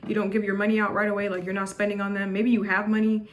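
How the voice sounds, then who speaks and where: This tarot reader talks fast in a medium-pitched voice with little pitch movement, addressing the camera casually. Her reading is blunt and judgmental, chatty and repetitive, packed with restarts and frequent "like."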